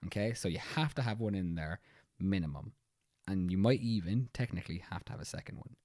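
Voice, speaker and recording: A man's voice: low voice, animated, a little fast, darkish tone, dry recording, clean studio sound. An Irish man co-hosting a podcast in casual chat, playfully explaining rules step by step. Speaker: podcast co-host.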